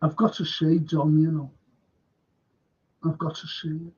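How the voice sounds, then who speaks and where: An older man hosts a live fan stream, reading out viewers' comments and answering each one in an easy, chatty way. His voice is a little higher than most men's and slightly husky, and he takes his time over every line. The sound is dull and lo-fi, like a home desk mic on a stream. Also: level tone, a little slow, darkish tone. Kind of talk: casual live-chat reading.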